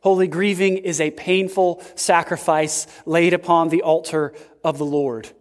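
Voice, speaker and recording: A man preaching a sermon as pastor, slow and emphatic, with sudden swings in pitch. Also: flat delivery. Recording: long reverb of a large hall.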